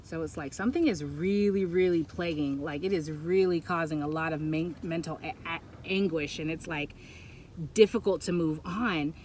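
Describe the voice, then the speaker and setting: A woman gives a pick-a-pile tarot reading in a fairly low voice. She rambles and stops herself often, and her talk turns emotional. A Bluetooth mic picks her up over a faint background hiss. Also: moderate pace, darkish tone. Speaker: tarot reader.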